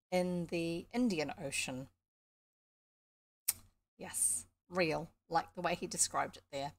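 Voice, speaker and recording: Nz lady reading a kids book out loud, gravelly voice, chatty little asides. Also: medium pitch. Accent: New Zealand. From New Zealand. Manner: chatty, explanatory. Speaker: storybook reader.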